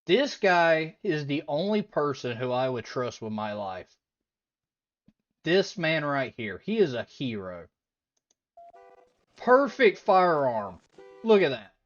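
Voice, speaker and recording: A woman hosting a reaction video, giving animated, incredulous commentary. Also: sits low, takes it slowly, pauses often, highs cut off. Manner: animated, incredulous, breaks into laughter.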